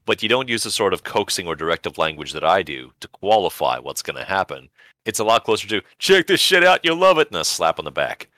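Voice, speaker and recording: Deep, wry, bright-toned male co-host. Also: animated, fast talker, no room sound, studio quality. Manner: wry, articulate, sardonic. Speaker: podcast co-host. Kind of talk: casual chat.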